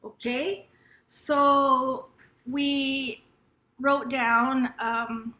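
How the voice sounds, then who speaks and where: A high, bright woman's voice, middle-aged and from Los Angeles, recounts a personal story at an educators' event. She talks loosely, with fillers and restarts, and acts out a teacher's lines. The sound has a noticeable room echo. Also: little pitch movement, extremely slow. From Los Angeles, United States. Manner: conversational, with frequent fillers and restarts. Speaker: panel speaker at an educators' summer institute.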